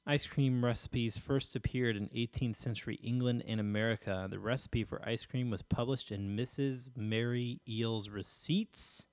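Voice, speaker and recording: A man's voice: medium pitch, fairly even intonation, moderate pace, hardly any pauses, clear, resonant tone, no room sound. A man in a casual chat, reading an old text aloud with amused asides.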